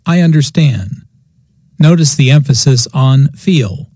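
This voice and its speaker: A man explaining English usage in a scripted language lesson, slow and deliberate. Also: fairly high pitch, expressive, dark tone, dry recording, studio quality. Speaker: English teacher.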